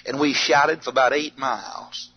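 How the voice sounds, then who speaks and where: A man preaching a storytelling sermon, animated, bursting into shouts and yells as he tells it. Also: mid-range voice, normal speed, slightly rough. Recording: dull lo-fi archive sermon tape with faint hiss.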